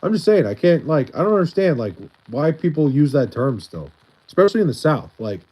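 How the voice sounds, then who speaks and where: A man's voice: fairly high pitch, big pitch swings, fairly quick, mellow, slightly rough, poor audio. Long island dude rambling to his stream chat, like like like, super casual. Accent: Long Island New York. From Long Island, New York. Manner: rambling, heavy use of "like" and restarts. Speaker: livestreamer. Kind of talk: casual livestream chat, reading chat aloud.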